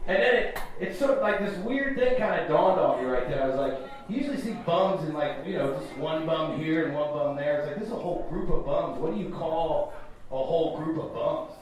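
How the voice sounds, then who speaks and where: A man's voice: a little high, lively intonation, fairly quick. A young man in his twenties doing a stand-up comedy set, telling a story in a loose, profane way with asides to the crowd. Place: comedy club stage. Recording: echoey club room from far off with crowd. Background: audience laughter.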